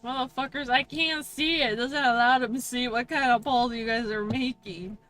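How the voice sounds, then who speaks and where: A woman's voice: fairly high pitch, fairly even intonation, normal speed, fairly bright tone, faint music behind. A woman streaming a game and chatting casually with her viewers, swearing freely and laughing often. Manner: profane, laughing, talks to chat. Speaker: VTuber streamer.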